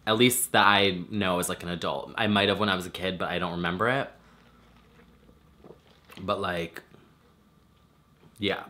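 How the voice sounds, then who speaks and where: A man's voice: lowish voice, sharp tone. A young man with a nasal voice chatting casually and swearing often, recovering from a swollen throat. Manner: chatty, swears a lot, many "like" fillers. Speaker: vlogger. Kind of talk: casual chat.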